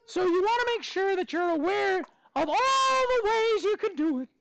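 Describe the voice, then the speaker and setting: A squeaky Mickey Mouse. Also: male voice, lively intonation, normal speed, noisy background. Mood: cheery. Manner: bouncy, upbeat teacher patter in a falsetto. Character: cheerful squeaky male cartoon mouse. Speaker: math teacher. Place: classroom.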